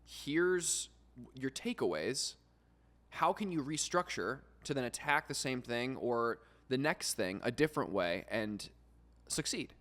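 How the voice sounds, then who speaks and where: A man's voice: mid-range voice, lively intonation, measured pace, a bit bright. A man co-hosting a podcast, talking things through in a reflective, casual way. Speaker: podcast co-host. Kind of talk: casual conversation.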